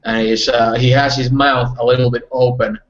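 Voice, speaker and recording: A man's voice: medium pitch, flat delivery, moderate pace. A man narrating a tabletop game as game master, rambling and full of fillers. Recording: muffled lo-fi audio.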